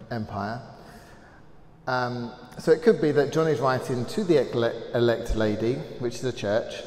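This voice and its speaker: A man with an English accent leading a Bible study, reading scripture aloud earnestly with frequent pauses and "um"s, recorded in a church hall. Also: medium pitch, a little mellow, a little hiss or hum. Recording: roomy hall echo with faint ambience.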